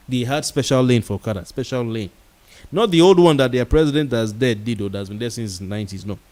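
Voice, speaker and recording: A man's voice: medium pitch, dark tone. Passionate Nigerian man ranting on air. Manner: passionate and ranting, mixing pidgin words. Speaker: talk show host. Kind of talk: late-night commentary monologue.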